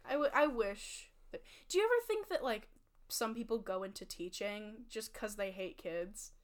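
A young woman co-hosting a podcast, chatting casually, playful and quick to giggle. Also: medium pitch, lively intonation. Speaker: podcast co-host. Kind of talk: casual chat.

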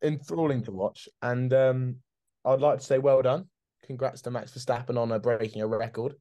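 A man's voice: mid-range voice, steady tone, moderate pace, mellow. A man, co-hosting a casual sports podcast, laughing often, calling his friend mate, and repeating words as he goes. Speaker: podcast co-host.

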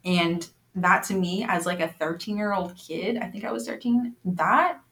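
A young woman hosting a podcast, speaking openly and confessionally, quick to laugh and get emotional. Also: mid-range voice, vocal fry, a bit bright, roomy sound. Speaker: podcast host. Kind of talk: candid conversation.

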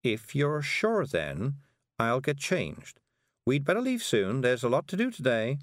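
A man's voice: medium pitch, very animated, a little slow, dry recording, studio quality, voice pushed up. A man reading aloud, voicing a fussy, kindly, busy middle-aged woman witch.

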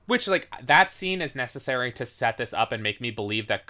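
A man's voice: mid-range voice, expressive, fairly quick, sharp tone. A man co-hosting a podcast in casual chat, rambling, with lots of "like" and restarts. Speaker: podcast co-host.

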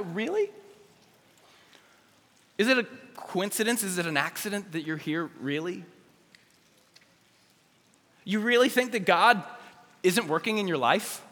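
A male youth pastor preaching to teens in an energetic, joking way, talking straight to them. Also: sits high, measured pace, long pauses. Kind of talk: youth sermon. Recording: long hall reverb.

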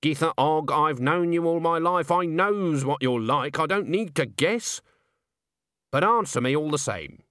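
A man's voice: on the high side, measured pace, fairly bright tone, no room sound, clean studio sound, voice pushed up. A man voicing a stern, blunt old witch woman who asks probing questions.

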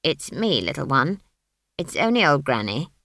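A stern old village witch, as a woman reader puts her on, blunt and brisk, with a rustic turn of phrase. She speaks a little louder than the narration, in a lowish, dry voice with little room around it. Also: big pitch swings, vocal fry, no echo, heavily acted. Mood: coaxing.

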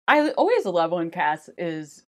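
A woman's voice: fairly low pitch, big pitch swings, a little slow. A woman co-hosting a podcast, talking bluntly with swearing and many fillers. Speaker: podcast co-host. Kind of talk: casual chat.

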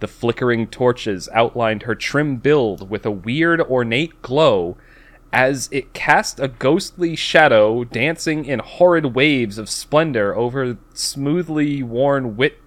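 A young man reading overwrought fiction aloud for laughs. He reads slowly and deliberately, restarting and stumbling over words. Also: mid-range voice.

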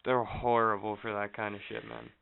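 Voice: mid-range voice, flat delivery, normal speed, gravelly, clean tone. A podcast co-host making blunt, crude remarks in casual chat. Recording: phone-like lo-fi audio.

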